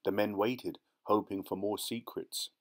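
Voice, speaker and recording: Low-voiced male audiobook narrator. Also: steady tone, a little slow.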